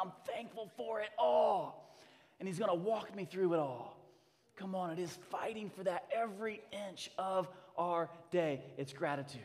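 A man in his thirties preaching a sermon as a pastor, impassioned and emphatic, dropping to a hush and then rising loud again. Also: sits high. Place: church sanctuary. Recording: long hall reverb.

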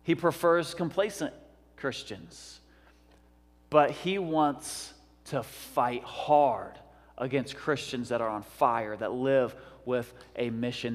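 A man's voice: medium pitch, in a large hall. A man preaching a sermon as pastor, urgent and exhorting, with joking asides.

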